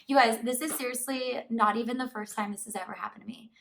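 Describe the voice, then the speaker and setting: A woman vlogger recounts a story straight to her viewers in a relaxed, chatty storytime style, filling her sentences with "like". Her voice sits a little on the high side. She sounds a bit distant, as if the mic were placed some way off. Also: fast talker, vocal fry, a little hiss or hum. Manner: chatty, fillers of "like" throughout, animated retelling. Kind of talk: casual storytime to camera. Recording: voice somewhat far from the mic.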